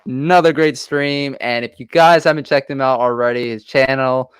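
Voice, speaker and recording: A man's voice: medium pitch, fairly even intonation, moderate pace, clean tone, no echo, clean studio sound. A man hosting a casual live sports talk stream, chatty and upbeat as he signs off. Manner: chatty, upbeat sign-offs. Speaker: host.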